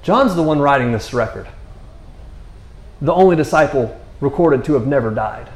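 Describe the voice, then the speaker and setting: A man's voice: medium pitch, expressive, moderate pace, long pauses, echoey room. A man preaching a passionate, conversational sermon from a church stage, often asking "you know what I mean?". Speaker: pastor. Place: church sanctuary.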